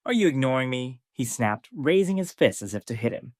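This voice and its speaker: A man narrating a scripted story recap, reading characters' lines with heightened pitch. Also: sing-song, fairly quick, dry recording, clean studio sound.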